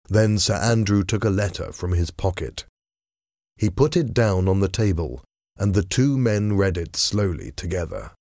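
A man reads a storybook aloud in a measured, deliberate way. His voice is low and gravelly. He reads very slowly. The sound is close and dry. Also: warm tone, no room sound. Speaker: narrator. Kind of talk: storybook reading.

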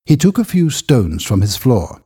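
A man narrating a story in a measured, expressive reading voice. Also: mid-range voice, breathy edge. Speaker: audiobook narrator.

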